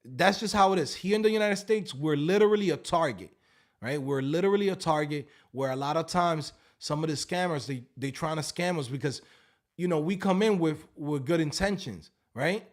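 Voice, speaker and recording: Brief: male streamer, higher pitch, animated casual storyteller, swears. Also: normal speed. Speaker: livestream host. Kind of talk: casual livestream chat.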